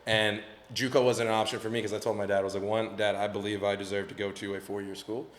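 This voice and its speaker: A man's voice: on the low side, little pitch movement, fast. A young man hosting a podcast, chatting casually with a guest and sharing his own stories. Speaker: podcast host. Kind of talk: casual interview chat.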